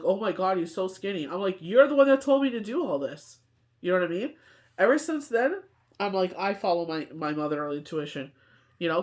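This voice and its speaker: Chatty woman with a cold. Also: fairly low pitch. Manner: rambling, chatty, constant "you know what I mean". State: has a cold, short on sleep. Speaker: tarot reader. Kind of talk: casual daily tarot reading.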